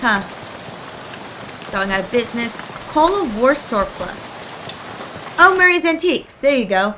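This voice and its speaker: A woman's voice: fairly high pitch, very animated, a little slow, pauses often, sharp tone, a little hiss or hum. A young adult woman streamer reading game text aloud and reacting in a playful way.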